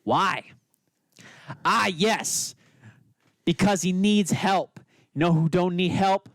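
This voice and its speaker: A man's voice: sits high, slow pace, a bit bright, no room sound. A man co-hosting a casual sports podcast, tossing in dry, teasing asides. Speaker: podcast co-host.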